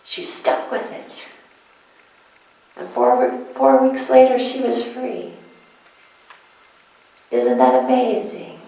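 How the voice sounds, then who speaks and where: A woman minister teaches a congregation at a slow, deliberate pace. She stresses and repeats her key phrases and keeps asking her listeners questions. Her voice rings through a very echoey church hall. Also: high-pitched, gravelly, mellow. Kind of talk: sermon-style lesson to a congregation. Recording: echoey room.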